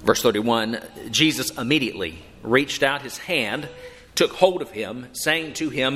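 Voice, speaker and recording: A man preaching a sermon with emphatic, dramatic delivery, slowing on key phrases and rising sharply for emphasis. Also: medium pitch, expressive, fairly bright tone. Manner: dramatic, emphatic delivery with slow drawn-out phrases and sudden rises. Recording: long hall reverb.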